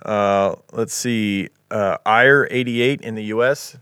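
Easygoing low-voiced man reading reviews. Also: a bit bright, smooth, no echo, clean studio sound. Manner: easygoing, reads reviews aloud with quick asides. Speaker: podcast co-host. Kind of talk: casual podcast chat, reading listener reviews.

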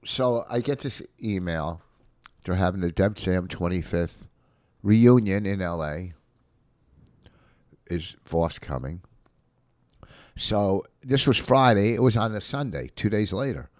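A man's voice: low voice, lively intonation, takes it slowly, pauses often, darkish tone, no echo, studio quality. A man hosting a casual podcast, rambling through profane stories with lots of filler. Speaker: podcast host, comedian.

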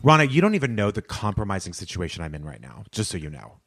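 A man co-hosting a podcast, chatting casually and ranting in a joking, animated way. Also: lowish voice, quick pace, dry recording. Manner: animated, joking, rants freely. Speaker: podcast co-host. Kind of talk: casual chat.

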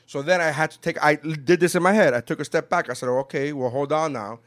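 A man in casual podcast chat, swearing a lot and acting out quotes with big shifts in loudness. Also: fairly high pitch, fast. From South Florida. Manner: animated, profane, acts out quotes.

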